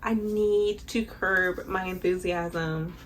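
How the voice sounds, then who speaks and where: Excitable young woman gushing about a book. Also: on the low side, slow, slight background noise. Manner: excitable, dramatic, swings into squeals and laughter. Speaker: book vlogger. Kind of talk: casual reading vlog chat.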